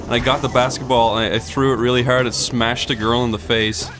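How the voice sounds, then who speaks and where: Man, mid pitch, casual storyteller on a gaming show, rambling delivery, game music clearly audible underneath. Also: flat delivery, fairly quick. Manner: rambling anecdotes with squealing put-on voices for quoted people. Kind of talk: casual storytelling over gameplay.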